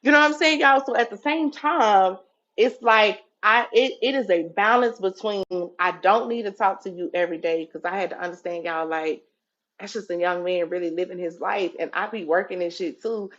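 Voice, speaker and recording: A woman's voice: medium pitch, normal speed, muffled recording. A woman hosting a live stream, talking casually and profanely to her viewers and calling them y'all. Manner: animated, profane, talks straight to viewers with "y'all". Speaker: TikTok live host.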